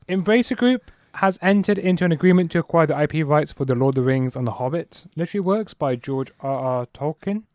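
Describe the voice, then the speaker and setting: A man's voice: a little high, animated, brisk, hardly any pauses, darkish tone, no room sound, clean studio sound. A man co-hosting a podcast in casual chat, easygoing and teasing as he brings up news items. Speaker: podcast co-host.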